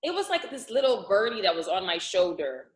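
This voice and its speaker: A woman from Louisiana, an actress, chatting as an interview guest in an animated way, laughing often and acting out quotes. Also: medium pitch, fairly quick, roomy sound, low-quality recording. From Louisiana, USA. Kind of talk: casual interview chat.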